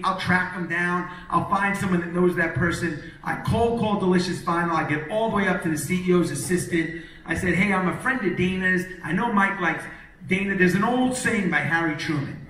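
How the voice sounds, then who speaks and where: A man giving a storytelling keynote, animated and acting out other people's lines, in a large hall before an audience. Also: high voice, brisk. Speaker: motivational speaker. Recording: echoey hall, distant mic, faint noise.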